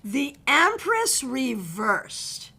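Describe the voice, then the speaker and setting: A woman with a high, bright voice reads tarot cards on a live stream. She talks in a chatty, direct way, greets viewers one by one and gives blunt advice. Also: sing-song, extremely slow, breathy edge. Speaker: tarot reader. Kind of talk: live-stream card readings.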